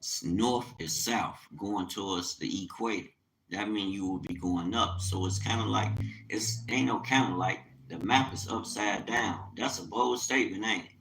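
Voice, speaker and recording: A man's voice: lowish voice, moderate pace, gravelly, a bit bright, slight background noise, poor audio. A man teaching the Bible on a livestream, reading scripture aloud and commenting with urgent, emphatic preaching.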